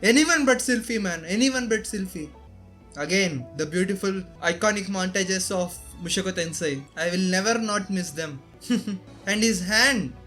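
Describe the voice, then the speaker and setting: Indian man, high voice, anime reaction commentary, exclaims at the screen. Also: measured pace, pushed and bright, faint music behind. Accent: Indian English. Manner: talks back at the screen, emotional and exclaiming.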